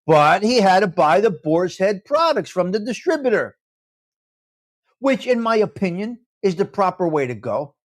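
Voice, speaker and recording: A man's voice: high-pitched, very animated, moderate pace. A man hosting a casual live-stream chat with a New York accent. He is blunt and opinionated, repeats himself for emphasis, and drops in Italian phrases. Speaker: live show host.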